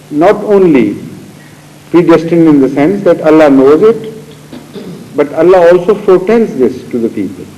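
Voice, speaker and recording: A man, a religious scholar, answers questions and explains scripture in a measured way with pauses and fillers, in an archival recording. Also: a little high, dark tone. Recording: archival 1986 hall recording with long reverb and faint noise.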